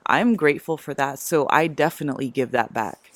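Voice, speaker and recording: A woman guest in a casual chat, warm and enthusiastic. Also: deep voice, brisk, no room sound. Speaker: podcast guest. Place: outdoor porch.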